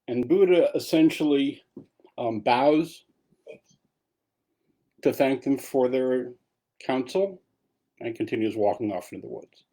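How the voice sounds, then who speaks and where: A man's voice: mid-range voice, takes it slowly, pauses often, dark tone. A man giving a dharma talk as a meditation teacher, telling a story in a casual way with asides.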